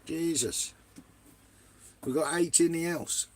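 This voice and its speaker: A man's voice: a little high, slow, slight background noise. An Englishman, casually chatting live from his camper van with viewers, full of banter and swearing, calling everyone mate and son. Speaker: vanlife live streamer.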